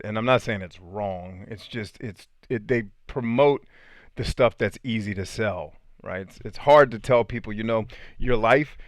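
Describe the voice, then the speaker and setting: Chill guy on a livestream reading comments, slangy, keeps clearing his throat, kinda low voice, dead dry sound. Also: no echo. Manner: laid-back, slangy, clears throat often. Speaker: livestream host answering viewer comments. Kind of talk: casual livestream chat.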